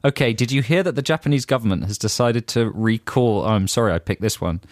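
A man's voice: mid-range voice, fast talker, no echo, clean studio sound. A man co-hosting a radio show, wryly reading out listener jokes and laughing through them. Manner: wry, laughing while reading. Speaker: radio co-host. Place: radio studio.

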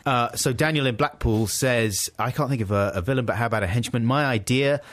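A man's voice: mid-range voice, a little fast, no echo. A man hosting a radio show, chatting casually and playfully, reading out listener messages with mock seriousness. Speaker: radio host. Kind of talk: casual comedy chat.

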